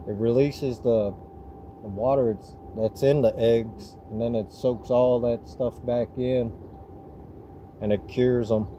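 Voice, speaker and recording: A middle-aged man with a Southern US accent, chatting casually on a fishing livestream in a relaxed, rambling way with frequent restarts. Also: medium pitch, slow pace, a little hiss or hum, poor audio.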